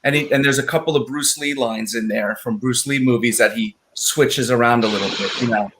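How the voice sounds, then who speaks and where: The film's writer, a man with a mid-range voice, tells stories briskly in a casual live panel chat, animatedly acting out quoted lines in different voices. Background noise can be heard.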